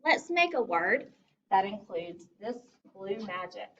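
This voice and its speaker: A woman teacher giving a phonics lesson to young children, speaking slowly, clearly and encouragingly. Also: medium pitch, very animated, a little hiss or hum. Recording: distant lo-fi recording.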